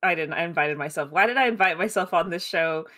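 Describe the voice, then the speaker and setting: A woman's voice: lowish voice, fast, sharp tone, low-quality recording. A woman guest on a casual podcast, playfully indignant and laughing through her stories. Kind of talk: casual chat.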